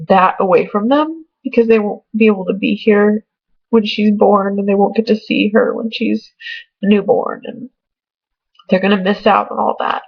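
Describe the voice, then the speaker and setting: A woman's voice: mid-range voice, gravelly, husky. A young woman from Oregon giving a casual pregnancy update, chatty and emotional, close to tears. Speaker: vlogger. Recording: dull lo-fi home webcam audio.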